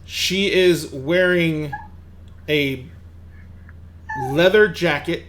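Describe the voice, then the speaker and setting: A man's voice: fairly high pitch, extremely slow, a bit bright. A man narrating a tabletop game as game master, rambling with fillers and restarts.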